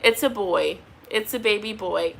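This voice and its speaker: A woman's voice: medium pitch, a little slow, creaky, a bit bright, slight background noise. A pregnant young woman doing a tarot reading, chatting casually with viewers and laughing often. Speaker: tarot reader.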